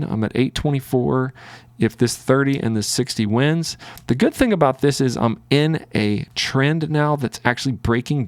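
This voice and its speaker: A man's voice: mid-range voice, clear, resonant tone, no echo. A man with a Southern US accent, hosting a trading video and narrating his screen in a rambling way with many fillers. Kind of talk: casual screen-recording commentary.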